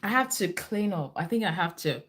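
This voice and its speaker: A woman's voice: fairly low pitch, lively intonation, fairly quick, a bit bright, slight background noise. Chatty woman nurse hosting a live stream. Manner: chatty, repeats herself, reads out viewer comments. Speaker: nurse and midwife hosting a live health show. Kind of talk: casual livestream talk answering comments.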